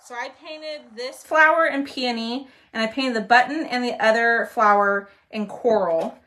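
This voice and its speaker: Woman, craft livestream host, chatty, talks to viewers, trails off when focused, crisp bright tone. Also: fairly high pitch, measured pace. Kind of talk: casual craft livestream chat.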